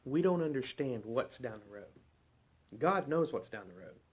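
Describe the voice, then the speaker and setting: A man delivers a devotional sermon in a relaxed, conversational way. He speaks at an ordinary pitch and often stops to put rhetorical questions to his listeners. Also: moderate pace, husky. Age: adult parent. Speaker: preacher.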